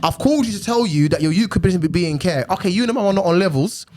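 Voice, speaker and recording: A man, a social worker telling stories in casual podcast chat, lively and full of slang. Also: high voice, racing. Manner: lively storytelling, heavy slang.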